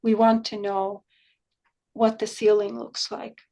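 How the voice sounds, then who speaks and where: A woman's voice: medium pitch, flat delivery, takes it slowly, gravelly, warm tone. A woman who works as a remote viewer, telling a story in conversation and acting out the dialogue in her own voice. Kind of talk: conversational interview recounting an experience.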